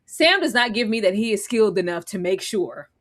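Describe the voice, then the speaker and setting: A woman's voice: medium pitch, a little fast. A woman co-hosting a casual live recap chat, telling the story with dramatic flair and acting out the people she quotes. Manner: animated, dramatic retelling with voiced quotes. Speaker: co-host.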